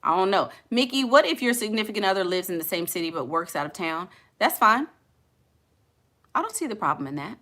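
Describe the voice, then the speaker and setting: A woman's voice: mid-range voice, very animated, brisk, bright, forceful tone. A woman vlogger answering viewer questions in blunt, sassy casual chat full of slangy asides.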